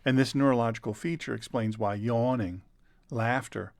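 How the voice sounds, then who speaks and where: A man's voice: medium pitch, moderate pace, gravelly, no room sound. Earnest preacher man, dry close sound. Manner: earnest, repeats words for emphasis. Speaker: pastor and show host. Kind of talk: conversational sermon.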